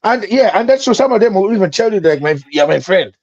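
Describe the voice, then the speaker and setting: A man talking on a podcast panel in an animated, repetitive way. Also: sits high, quick pace, muffled recording. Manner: animated, repeats himself when excited. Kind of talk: casual podcast chat.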